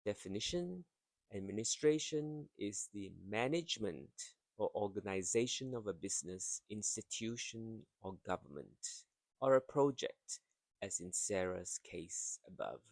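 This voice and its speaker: A man teaching English vocabulary, drawing out each word slowly and carefully to show its rhythm and stress. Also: lowish voice, animated, dry recording. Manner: slow, careful, drawn-out pronunciation drills. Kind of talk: vocabulary lesson.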